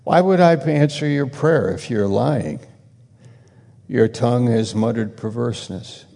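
A man's voice: medium pitch, a little slow, vocal fry, mellow, in a large hall. A man preaching a sermon, emphatic and repetitive, pressing his rebukes with growing intensity.

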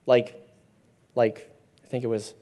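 A man in his thirties leads a casual faith talk for a small group. He rambles, starts over often and fills pauses with "um" and "like," with a voice of middling pitch. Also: little pitch movement, mellow. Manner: rambling, many fillers and restarts. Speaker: church group leader.

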